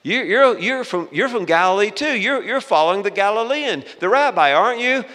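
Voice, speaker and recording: A man voicing a young servant girl who keeps stammering out her accusations in a high, pushy voice, in a sermon. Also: lively intonation, moderate pace, bright, forceful tone. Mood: accusing. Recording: long hall reverb.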